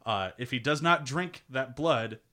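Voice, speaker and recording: A man casually pitching a film to others, laid-back, laughing often, swearing and full of "like" fillers. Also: unhurried, sharp tone. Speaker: panelist pitching a movie. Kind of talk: casual spoken movie pitch.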